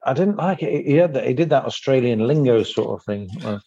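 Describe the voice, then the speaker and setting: A man's voice: mid-range voice, lively intonation, a little fast, mellow. Hesitant man on a muffled mic. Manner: hesitant, rambling, stops to think. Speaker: podcast co-host. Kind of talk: casual chat reviewing songs.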